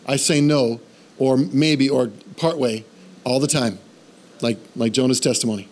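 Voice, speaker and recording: At a measured pace and in a mid-range voice, a man delivers a sermon built around a comic personal tale. He tells it with lively, self-deprecating flair before rising into earnest exhortation.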